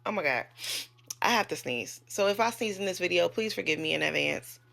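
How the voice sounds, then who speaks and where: A woman's voice: fairly low pitch, animated, brisk, gravelly, a bit bright. A woman who works as a nurse, telling a story to her camera in a candid, chatty way and cursing freely. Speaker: nurse and vlogger.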